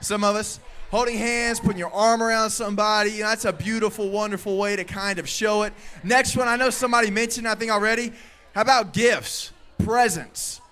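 Holding a handheld mic in a youth service hall, a man preaches a lively sermon that draws in the crowd, his voice high, bright and ringing. He jokes around with the room, shouts out to his listeners with playful energy, and talks at a fairly quick pace.

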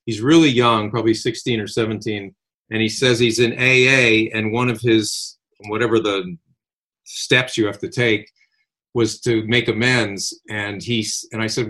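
An older man casually telling long, rambling personal anecdotes, animated, with restarts and quoted dialogue. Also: lowish voice, unhurried. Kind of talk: casual conversational storytelling.

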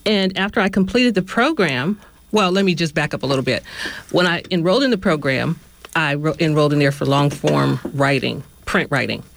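A woman's voice: sits low, a little fast, gravelly, slight background noise. A woman co-hosting a community radio show who tells her story reflectively and often corrects herself midway. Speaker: radio apprentice co-host. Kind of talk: casual radio chat. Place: radio studio.

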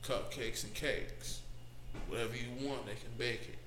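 A man talks in a laid-back, profane way on a casual chat show. His voice is bright and ringing, with a roomy echo around it. He speaks openly about his feelings. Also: medium pitch, fairly even intonation, a little slow, a little hiss or hum. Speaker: podcast co-host. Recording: roomy echoing room.

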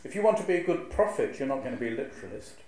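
A man, a clergyman, giving a lively, wry lecture to a live audience and reciting verse with a strong rhythm. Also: medium pitch, rapid-fire. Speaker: clergyman giving a talk on preaching. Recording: very echoey hall, faint ambience.

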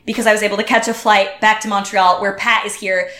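Woman guest, bright and fairly high voice, animated storyteller, roomy echo. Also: fast talker. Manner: animated, acts out quotes, many restarts. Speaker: podcast guest. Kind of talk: casual storytelling chat.

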